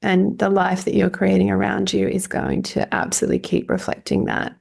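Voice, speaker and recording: A woman's voice: mid-range voice, completely flat delivery, a little fast, vocal fry, darkish tone, slightly rough. A woman podcast host and mentor, effusive and affirming as she thanks her guest and closes the show. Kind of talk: warm podcast hosting.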